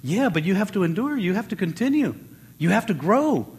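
Guy preaching from the bible, kinda high voice, chatty, acts out voices with big pitch jumps. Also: very animated, brisk, darkish tone, a little hiss or hum. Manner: conversational with fillers and restarts. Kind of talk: Bible teaching sermon.

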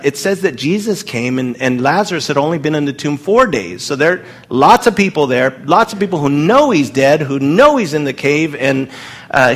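A man preaches a sermon in a loose, conversational style, using fillers and asides. He acts out quoted lines, raising his pitch as he does.

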